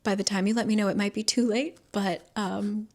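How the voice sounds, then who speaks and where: A woman's voice: medium pitch, fairly even intonation, brisk. A woman vlogger chatting casually, rambling with lots of fillers. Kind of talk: casual chat.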